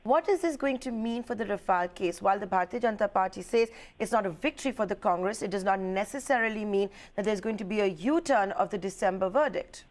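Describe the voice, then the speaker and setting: A woman news anchor, asking brisk, probing questions and introducing a panel. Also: medium pitch. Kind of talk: television news interview and panel hosting.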